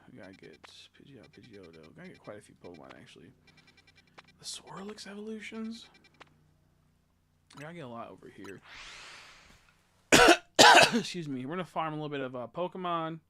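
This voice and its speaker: A man streaming a video game live, muttering to himself as he plays, swearing a lot and breaking into frustrated shouts. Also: a little high, very animated, moderate pace, pauses often, background noise. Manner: mutters and talks to himself while playing. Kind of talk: live gameplay commentary.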